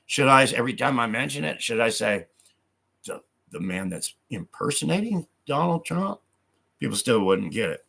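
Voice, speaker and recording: A man's voice: medium pitch, big pitch swings, moderate pace, gravelly, a bit bright, slightly rough. A man on a live stream who reads hostile comments aloud and answers them in an angry, profane rant, speaking of God with heavy conviction.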